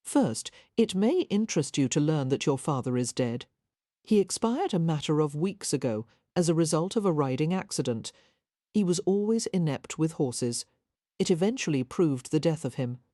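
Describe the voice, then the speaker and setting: A man's voice: a little high, big pitch swings, moderate pace, mellow, no room sound, clean studio sound. A woman reading the part of an old, small, proud Irish earl with an Anglo-Irish accent who speaks coolly and commandingly. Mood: cold. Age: older. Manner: cool, dispassionate, commanding.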